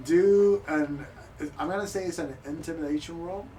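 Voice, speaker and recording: A man narrating as game master, telling the scene in an animated, profane way. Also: fairly high pitch, unhurried. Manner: animated, profane storytelling with frequent laughter. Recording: distant mic with background noise.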